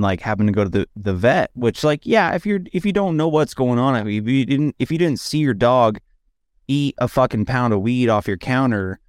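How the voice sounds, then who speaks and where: A man's voice: mid-range voice, dry recording, studio quality. A man co-hosting a podcast, telling a profane personal anecdote in casual chat.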